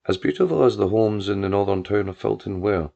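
Male narrator, storybook reading, low pitch, steady. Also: a little fast, vocal fry. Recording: dull lo-fi audio.

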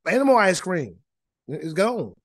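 High-voiced man teaching scripture folksily. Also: big pitch swings, measured pace, no room sound. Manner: folksy, emphatic preaching with many repeated words. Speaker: Bible teacher. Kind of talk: informal Bible study teaching.

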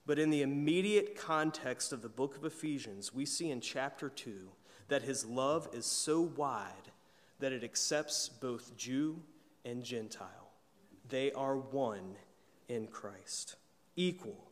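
A man's voice: mid-range voice, animated, slow pace. Preaching man in a reverberant church hall. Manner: earnest preaching, rising to emphatic peaks. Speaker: pastor. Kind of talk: sermon.

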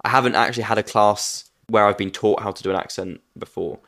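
A young man, hosting a casual podcast chat in a playful, teasing way and quick to apologize. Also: on the low side, fairly bright tone. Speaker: podcast host.

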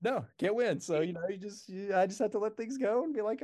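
A man's voice: high-pitched, fast, a little mellow. Laid-back young man, lots of fillers. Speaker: podcast co-host. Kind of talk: casual chat.

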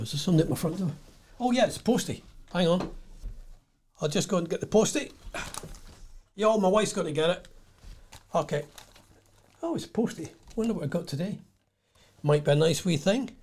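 A man's voice: on the high side, a little mellow. An older Scottish man chatting at home in a casual, digressive monologue, often losing his thread. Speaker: vlogger.

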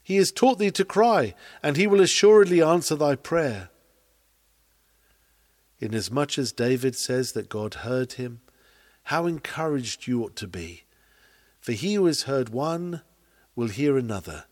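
A man reading aloud a Victorian sermon in an earnest, pleading way, full of archaic thee and thou, swinging between hushed lines and rising emphasis. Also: mid-range voice, animated, measured pace, pauses often. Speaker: sermon reader.

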